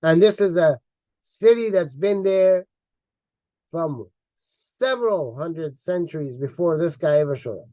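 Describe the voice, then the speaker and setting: A man's voice: on the high side, expressive, measured pace, dark tone, no echo. A man delivering a heated, mocking monologue as an online commentator, repeating words for emphasis. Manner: angry, mocking, insulting.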